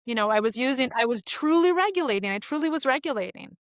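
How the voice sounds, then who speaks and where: A woman's voice: high voice, expressive, fast, no room sound, clean studio sound. A woman in her forties, a podcast guest, telling personal stories in an open, reflective, conversational way. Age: 40s. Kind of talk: casual conversation.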